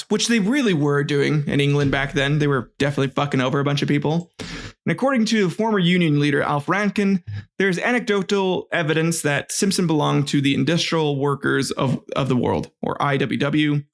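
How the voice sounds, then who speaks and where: A man's voice: fairly high pitch, normal speed. A man hosting a comedic history podcast, narrating with irreverent, crude jokey asides. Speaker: podcast host.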